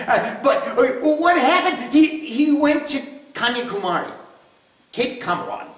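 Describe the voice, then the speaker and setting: A man's voice: high-pitched, a bit bright, far from the mic. A man giving a spiritual talk as teacher, telling stories animatedly and laughing often. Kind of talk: devotional talk with questions. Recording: echoey room, away from the mic.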